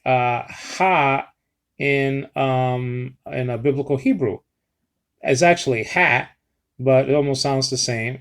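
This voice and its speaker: A man teaching biblical Greek in a casual spoken lesson, halting often with fillers and restarts and checking in with "okay". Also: mid-range voice.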